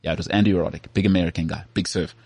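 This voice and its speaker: A man's voice: low voice, rapid-fire, slightly rough, no echo. A man co-hosting a sports podcast, telling jokey stories in casual chat. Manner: joking, animated storytelling with frequent "mate" and laughs. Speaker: podcast co-host.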